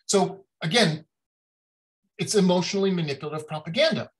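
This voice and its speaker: A man's voice: sits high, fairly quick, rough recording. A man giving a casual academic lecture on design history, talking in a chatty way with many fillers and little acted-out quotes.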